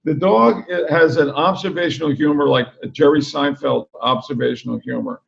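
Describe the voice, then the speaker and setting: An older man as an interview guest and author, chatting casually and telling animated anecdotes over a video call. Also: a little high, moderate pace, creaky, highs cut off. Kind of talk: casual chat.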